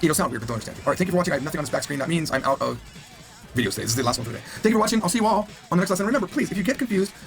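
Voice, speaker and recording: A man's voice: on the high side, expressive, racing, faint music behind. A man teaching a recorded language lesson, upbeat and joking as he explains grammar rules.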